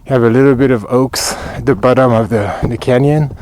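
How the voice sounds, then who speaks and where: A man's voice: mid-range voice, brisk, darkish tone, slight background noise, rough recording. French man narrating a hike on foot. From France. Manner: chatty, muttering asides while walking. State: slightly out of breath. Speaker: hiking vlogger. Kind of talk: casual walking commentary. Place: outdoor hiking trail in cold weather.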